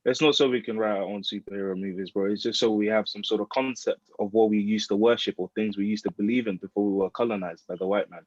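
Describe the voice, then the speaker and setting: A man's voice: fairly low pitch, steady tone, quick pace, hardly any pauses, dry recording. A man co-hosting a podcast, opinionated and teasing. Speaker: podcast co-host. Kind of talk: casual chat. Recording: dull dry lo-fi sound.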